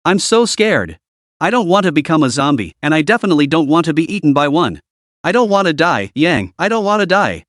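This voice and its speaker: A man's voice: on the high side, big pitch swings, a little fast, fairly bright tone, no echo, studio quality. A man reading the lines of a frightened young woman cultivator, tearful and pleading.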